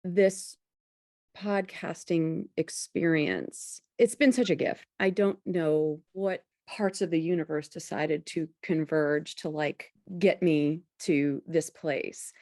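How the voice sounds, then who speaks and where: Slow, low-voiced woman podcast host. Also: steady tone, darkish tone, no room sound, studio quality. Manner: measured and reflective, speaks deliberately. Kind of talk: podcast interview, introduction read then reflective talk.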